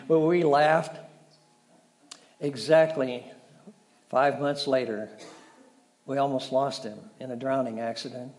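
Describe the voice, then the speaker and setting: A middle-aged male pastor preaching a sermon, telling stories with dramatic shifts between loud and soft. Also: medium pitch, steady tone, slow pace, long pauses. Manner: storytelling, dramatic shifts in volume.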